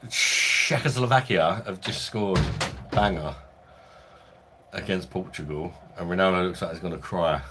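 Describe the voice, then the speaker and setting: Bloke live streaming from home, lowish voice, jokey and rambly, laughs a lot, slight hiss in the background. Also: male voice, measured pace. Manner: chatty and jokey, laughs often, loose rambling delivery. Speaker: live-stream host reading viewer chat. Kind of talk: casual live-stream chat.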